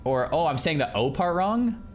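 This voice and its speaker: A male streamer chatting casually with his viewers in an animated, incredulous way. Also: a little high, moderate pace, slight background noise. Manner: animated, incredulous, talks to chat. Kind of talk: casual livestream chat.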